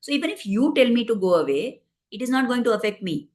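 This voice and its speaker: A woman voicing a calm male saint who firmly keeps to his guru's orders, told as a spoken devotional story. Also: a little high, fast. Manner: calm, firm.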